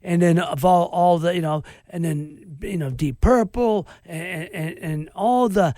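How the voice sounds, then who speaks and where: A man's voice: sits high, measured pace, mellow, no room sound, studio quality. A middle-aged man hosting a casual interview chat, rambling and repeating himself with eager interjections. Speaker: host.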